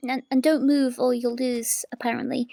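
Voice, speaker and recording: A woman's voice: on the high side, little pitch movement, moderate pace, creaky, mellow, no echo. A woman playing a tabletop game, tentative and stammering in casual talk. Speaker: player.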